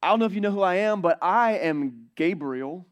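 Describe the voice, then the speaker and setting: A man voicing a powerful male angel who speaks slowly and firmly. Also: high-pitched, lively intonation. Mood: proud. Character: mighty male angel messenger, calm and firm.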